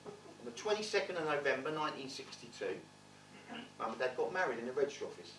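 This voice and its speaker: A man's voice: medium pitch, lively intonation, quick pace, fairly bright tone, a little hiss or hum, close to an everyday voice. An actor as a wry man telling his story. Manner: wry, blunt, swearing storyteller. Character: streetwise London man recalling his rough childhood. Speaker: stage actor in a one-man play. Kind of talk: theatrical monologue storytelling. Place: theatre stage. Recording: roomy theatre, distant mic.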